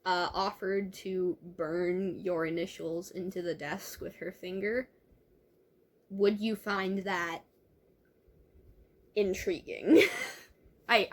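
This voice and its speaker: A young woman who reads a teen novel aloud and breaks off often into chatty, amused asides. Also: medium pitch. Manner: chatty, amused, laughs often and interrupts her own reading. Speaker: book reviewer. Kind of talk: casual reading and commentary.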